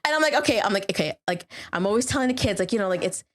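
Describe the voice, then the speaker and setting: A woman's voice: mid-range voice, racing. A middle-aged woman and mother hosting a podcast, chatting casually and acting out quoted lines with lots of fillers. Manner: animated, acts out quoted lines, many fillers. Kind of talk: casual storytelling chat.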